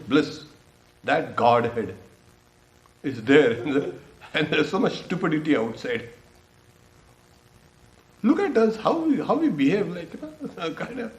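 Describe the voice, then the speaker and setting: Swami man preaching, laughs a lot, voice jumps high on questions, echoey hall. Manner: laughs often, animated with lively pitch jumps. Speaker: swami giving a spiritual talk. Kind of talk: sermon.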